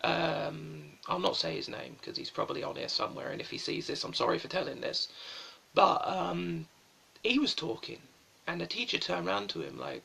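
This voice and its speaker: A man's voice: a little high, expressive, normal speed, vocal fry, pushed and bright, breathy edge. A young man rambling through stories on a live stream, swearing often and mocking himself.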